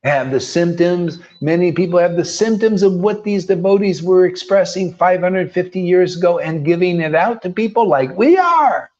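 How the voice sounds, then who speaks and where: A man's voice: high-pitched, lively intonation, moderate pace, few pauses, darkish tone. Combative slangy male preacher, dull lo-fi sound. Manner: combative, rhetorical questions, slangy "man". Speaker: spiritual teacher. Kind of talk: informal preaching. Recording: dull lo-fi recording.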